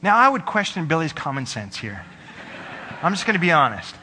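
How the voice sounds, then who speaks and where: Bright-voiced young man preaching in a reverberant hall. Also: a little high, sing-song, a little fast, slight background noise. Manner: earnest storytelling with quoted voices. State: tired. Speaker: pastor. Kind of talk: sermon.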